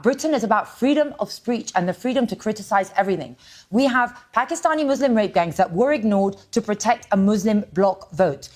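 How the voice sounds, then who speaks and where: A woman guest on a televised debate, joining by remote call and speaking forcefully and insistently. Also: fairly high pitch.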